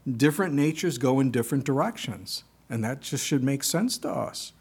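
A man preaching a sermon in a conversational way, reading scripture aloud and now and then breaking into animated exclamations. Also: mid-range voice, normal speed, husky. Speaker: pastor.

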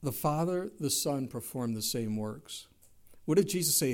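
A man's voice: a little high, animated, brisk, a little mellow. A man preaching a sermon, emphatic, with rhetorical questions and rising exclamations. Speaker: pastor.

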